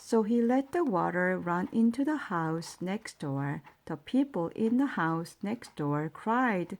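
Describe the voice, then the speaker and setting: A woman reading children's bedtime stories aloud in a slow, sing-song manner. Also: lowish voice, expressive. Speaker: storyteller.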